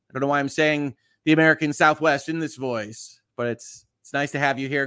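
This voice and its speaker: A man's voice: mid-range voice, steady tone, normal speed, pushed and bright, clean tone, no room sound, clean studio sound. A man who is a lawyer, hosting a casual live stream and reading viewer comments aloud in a chatty way, with lots of fillers. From Southeast Michigan.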